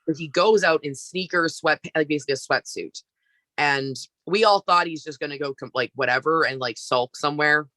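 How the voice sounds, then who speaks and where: A woman from Canada, a wrestler guest on a podcast, telling a story in a casual, animated way with lots of fillers. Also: deep voice, moderate pace, dry recording.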